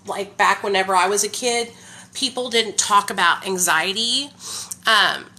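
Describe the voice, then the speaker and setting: A woman talking in a casual live stream on her phone, energetic and hyped, saying "like" and "y'all" a lot. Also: mid-range voice, a little slow. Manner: heavy use of "like" and "y'all".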